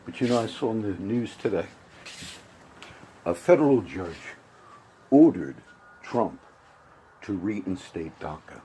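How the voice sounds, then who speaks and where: Man, low voice, mellow tone, rambling talk, faint background noise. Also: animated, takes it slowly, pauses often, rough recording. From grew up around Puerto Rican and Cuban friends. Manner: rambling, with many restarts and asides. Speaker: commentator. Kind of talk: casual spoken commentary.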